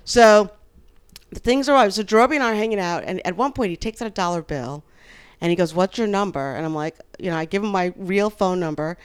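Animated woman telling a long story. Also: mid-range voice, a little fast, clear, resonant tone. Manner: animated, acts out the people in her story. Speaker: podcast guest. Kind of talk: casual storytelling.

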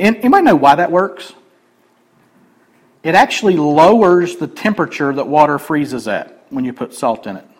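A man's voice: a little high, breathy edge. A man preaching a sermon as pastor, conversational and joking with the congregation.

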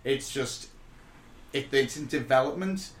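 A man's voice: medium pitch, measured pace, slight background noise. A man co-hosting a casual podcast chat, rambling and joking, often correcting himself mid-sentence. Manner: rambling, self-correcting, jokey. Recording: echoey room.

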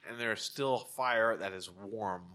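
A man narrating a tabletop game as game master, in a halting, self-correcting, casual way. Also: on the low side, bright, forceful tone.

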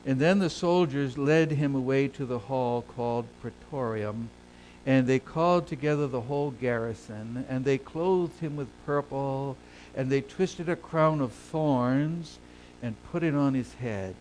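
A male pastor preaching a sermon, swelling loud and high on key phrases and then sinking low and quiet. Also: a little slow, slight background noise, low-quality recording. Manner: preaches with big swells in pitch and volume, then drops low.

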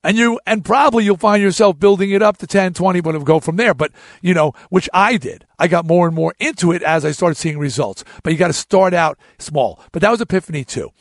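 A man's voice: sits high, brisk, hardly any pauses, no room sound, clean studio sound. A middle-aged man telling a casual story to his listeners in a blunt, profane way, with many restarts. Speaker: podcast host.

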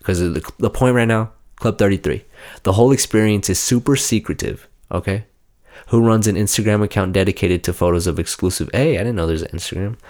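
A man's voice: fairly low pitch, brisk, darkish tone. A young man hosting a podcast, rambling and swearing as he reads aloud from his phone and mocks himself. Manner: profane, rambling, self-mocking. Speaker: podcast host. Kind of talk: casual chat, reading aloud from a phone.

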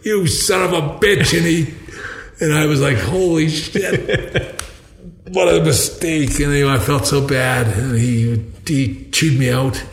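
A man's voice: medium pitch, darkish tone. An older man from Canada, a podcast guest telling a rambling story with many restarts and laughing at his own tales. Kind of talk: casual storytelling. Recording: echoey room.

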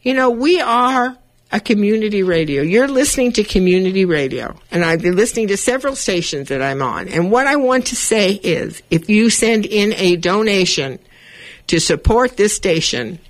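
A woman hosts a community radio show, speaking from the studio straight to her listeners. She talks in an animated, chatty way. Her monologue stays encouraging and self-affirming throughout. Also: medium pitch, normal speed.

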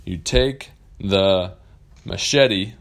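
A man voicing a big, grumpy pirate captain in a loud, blustery way. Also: deep voice, very slow, full character voice.

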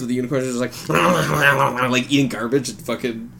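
Animated, swearing podcast co-host guy. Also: mid-range voice, moderate pace, gravelly, hardly any pauses. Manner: animated, swears a lot, acts out scenes in silly voices. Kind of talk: casual chat.

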